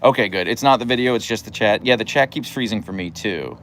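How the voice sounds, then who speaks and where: Chatty deep-voiced man on a livestream. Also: animated, fast talker, fairly bright tone, a little hiss or hum. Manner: rambling and chatty, full of fillers and restarts; reads and answers viewer chat comments. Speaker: dog owner livestreaming his huskies. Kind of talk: casual livestream chat. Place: at home, on a deck by his dogs.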